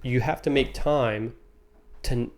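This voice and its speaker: A young man co-hosting a casual podcast, speaking at a middle pitch. He keeps it laid-back, drops dude often, and softens his points before making them. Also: fairly even intonation, takes it slowly. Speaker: podcast co-host. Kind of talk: casual chat.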